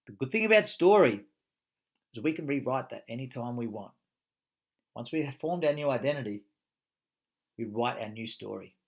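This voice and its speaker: A man's voice: medium pitch, lively intonation, normal speed, gravelly, pauses often. A man teaching a motivational coaching course, speaking emphatically, swearing freely and firing rhetorical questions.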